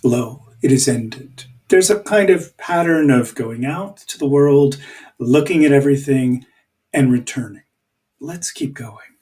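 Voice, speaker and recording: A man teaching a poetry lesson, talking slowly and thoughtfully and reading lines of verse aloud to count their beats. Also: a little high, a little mellow, distant mic. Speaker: literature teacher.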